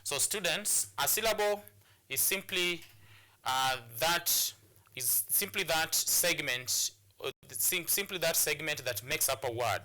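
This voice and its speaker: Bright-voiced Kenyan man teaching. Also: on the high side, a little slow, a little hiss or hum. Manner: repetitive, hesitant with many fillers. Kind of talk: televised classroom lesson.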